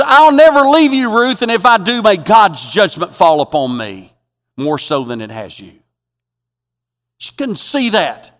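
A man preaching a sermon as a pastor, emphatic and repetitive, swinging from loud exhortation to quiet reflection. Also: high-pitched, long reverb tail. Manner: repeats phrases for emphasis.

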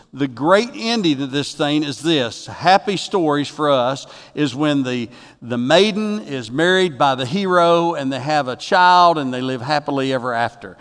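A middle-aged man preaching a sermon from the pulpit in a church, telling folksy jokes and stories, with his voice getting louder at the punchlines. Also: on the high side. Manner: folksy storytelling with jokes, rising loud for punchlines. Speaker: pastor. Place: church sanctuary. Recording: long reverb of a church hall.

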